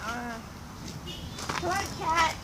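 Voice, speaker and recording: A young woman vlogging with a cracking voice, squealy and excitable as she talks to a cat. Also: very high-pitched, very slow. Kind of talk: casual vlog chat. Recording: loud noisy background.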